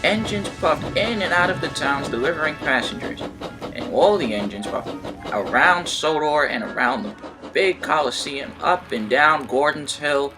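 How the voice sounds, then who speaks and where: A man reading a children's train story with a lively, sing-song rise and fall. Clear background music plays under his narration. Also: on the high side, moderate pace. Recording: voice over loud music.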